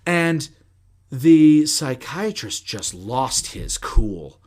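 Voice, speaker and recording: A man's voice: fairly high pitch, moderate pace. A man who is a guest on a podcast, telling stories in casual conversation and acting out the dialogue. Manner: animated storytelling, acts out quoted dialogue.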